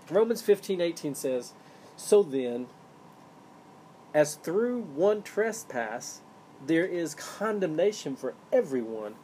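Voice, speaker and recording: A man's voice: on the high side, mellow, slight background noise. A man hosting a solo Bible-teaching podcast, earnest and emphatic, stressing key words as he reads and explains verses. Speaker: podcast host teaching scripture.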